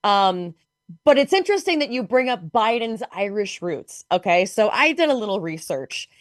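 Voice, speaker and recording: A woman's voice: medium pitch, moderate pace, dry recording, clean studio sound. A woman from Chicago, chatting casually as a guest commentator, filling her talk with "you know" and "like". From Chicago, USA. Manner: chatty, animated, many fillers. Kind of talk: casual political chat.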